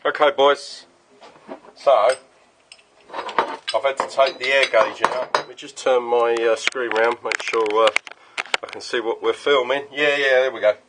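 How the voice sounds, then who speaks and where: A man's voice: medium pitch, fairly even intonation, measured pace. A man rambles through a casual workshop vlog. He drifts off on tangents and swears without a second thought. Faint background noise sits under his voice. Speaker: workshop owner making custom paintball guns. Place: workshop with a milling machine.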